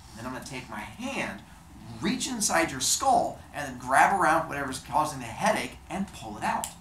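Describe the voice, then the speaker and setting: A man's voice: sing-song, normal speed, fairly bright tone, distant mic, slight background noise. Hephaestus, a man voicing a chipper young smith god. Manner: chipper, higher-pitched. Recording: roomy echo.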